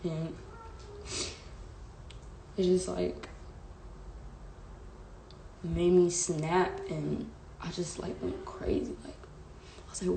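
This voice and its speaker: A woman's voice: fairly low pitch, flat delivery, extremely slow, gravelly, long pauses, warm tone. A young woman, telling a candid, emotional story to her live-stream viewers with lots of "like" and "bro.". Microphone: phone live stream. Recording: echoey room with faint background hiss.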